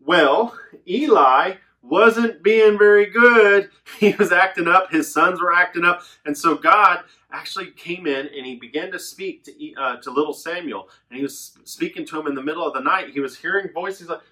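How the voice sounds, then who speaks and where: Bright, animated man telling kids Bible stories. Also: high voice, normal speed. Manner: animated storytelling with voices. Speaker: children's pastor. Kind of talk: kids' Bible lesson.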